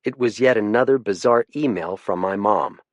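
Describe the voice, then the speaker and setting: A man reading a first-person mystery audiobook in a low, understated voice. His delivery is dry and even. The studio sound is close with no room echo. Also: moderate pace. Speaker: audiobook narrator.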